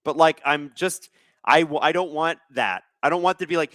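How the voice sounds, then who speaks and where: Speaking at normal speed, the host's voice sits on the high side with a fairly bright tone in a dry recording. He leads a casual live sports watch-along, reading chat aloud and joking sarcastically with lots of swearing.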